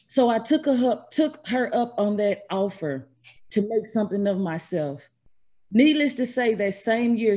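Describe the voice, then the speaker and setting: A woman from Mississippi, a trauma specialist, telling her personal story in an earnest, measured and emphatic way over a video call. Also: mid-range voice, warm tone. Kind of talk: personal story told at an online event.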